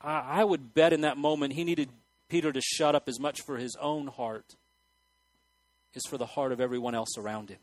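A man preaching a sermon to a church congregation, moving between quiet, earnest asides and loud, excited outbursts. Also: medium pitch, normal speed, dry recording, low-quality recording. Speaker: pastor.

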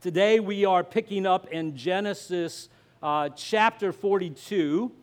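A man in his fifties or sixties preaching a live church sermon, conversational and halting, full of fillers and restarts. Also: high-pitched. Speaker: pastor.

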